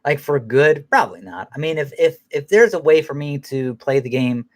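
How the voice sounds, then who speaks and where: A man's voice: fairly high pitch, expressive, moderate pace. A man hosting a podcast who rambles through an angry, profane rant and laughs at himself now and then. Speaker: podcast host.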